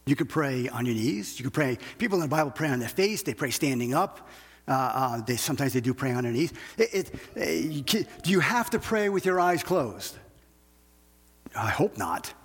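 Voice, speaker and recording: A man's voice: mid-range voice, animated, moderate pace, husky, in a large hall. A man preaching a conversational sermon, often restarting his sentences and checking in with the congregation by asking "okay?". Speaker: pastor.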